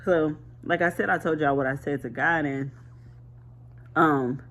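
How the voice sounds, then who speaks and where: A woman's voice: low voice, fairly even intonation, a little slow, a bit bright. A woman talking casually to camera, sharing a spiritual message in a chatty, colloquial and emphatic way. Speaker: vlogger sharing a prophetic word.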